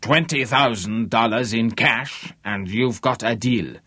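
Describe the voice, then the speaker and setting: A man's voice: mid-range voice, a little slow, sharp tone, slightly rough, no echo. A man voicing a nervous young man faking a German accent, hesitant and stiffly formal. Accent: put-on German.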